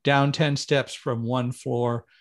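A middle-aged man telling a personal story as an interview guest, lively, acting out quoted lines with raised voice. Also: slow. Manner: animated, raises pitch and volume for quoted lines. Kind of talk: conversational storytelling.

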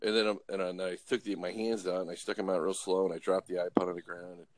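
Middle-aged guest raconteur, male, low-pitched, swears, acts out every line. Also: quick pace, no echo. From Los Angeles. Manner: animated, acts out voices, swears, frequent restarts. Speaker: guest storyteller. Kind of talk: casual storytelling.

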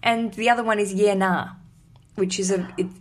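A woman's voice: medium pitch, fairly even intonation, quick pace, a little hiss or hum. A woman with an Australian accent hosting a casual interview, chatty and playful, slipping into put-on voices. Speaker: podcast host.

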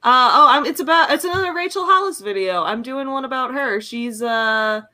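A woman's voice: sits high, animated, moderate pace, sharp tone. A young woman co-hosting a podcast in casual chat, chatty and laughing often as she acts out her dog's reactions. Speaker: podcast co-host.

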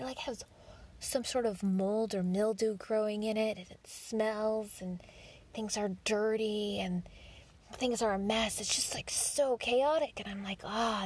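A woman's voice: mid-range voice, breathy edge. A woman hosting a podcast, telling a personal story in a candid monologue, swearing freely and acting out her own inner thoughts. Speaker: podcast host.

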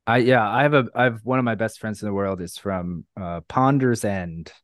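A man's voice: on the low side, normal speed, no room sound. Chatty middle-aged man, dry sound. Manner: chatty, rambling, laughs often. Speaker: podcast host. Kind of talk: casual podcast chat.

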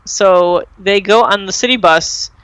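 A young woman, hosting a podcast, recaps a TV episode as casual chat, retelling it with lots of "um" and "like" and quick acted-out quotes. Her medium-pitched voice is bright, forward and clean in tone. It's recorded dry and close with no room sound or echo, though the overall quality is low.

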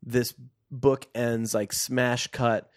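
A man's voice: mid-range voice, drawn-out words, no room sound, studio quality. A man co-hosting a podcast, reading passages from a book aloud and wryly picking them apart. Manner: animated, wry, laughs often. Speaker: podcast co-host.

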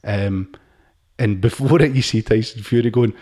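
A man's voice: on the low side, normal speed, mellow. A man hosting a casual sports podcast, chatty, laughing as he retells stories. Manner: chatty, laughs while retelling stories, says mate a lot. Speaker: podcast host. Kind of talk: casual chat.

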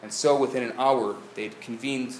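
A man, a rabbi, telling a story in a live lecture, swinging from hushed tones to loud bursts. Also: mid-range voice, steady tone, normal speed, a little hiss or hum. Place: synagogue lecture hall, live audience. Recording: echoey live room with faint ambience.

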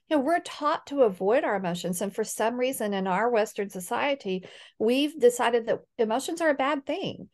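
A middle-aged woman speaking as a guest in a conversational interview, earnest and animated when she quotes others. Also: on the high side, brisk. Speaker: guest, healing coach.

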